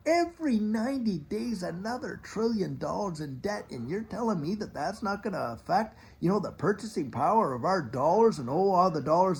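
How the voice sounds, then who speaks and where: A middle-aged finance channel host ranting in a casual commentary monologue, now and then mocking officials in a put-on voice. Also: medium pitch. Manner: animated, ranting, mock-quoting officials.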